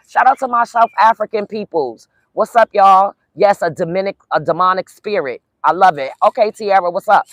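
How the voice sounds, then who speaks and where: A woman's voice: low-pitched, dry recording. A tired woman hosting a casual live recap, chatting with her viewers while walking outdoors and holding her phone, full of ums and you-knows. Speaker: livestream host recapping a court day. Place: outdoors, walking near a courthouse.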